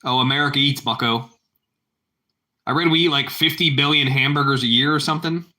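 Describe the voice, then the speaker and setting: A man's voice: mid-range voice, fairly quick, bright, forceful tone. A man chatting casually with his livestream viewers, rambling and repeating himself, and calling them bro. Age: adult parent. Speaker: livestream host.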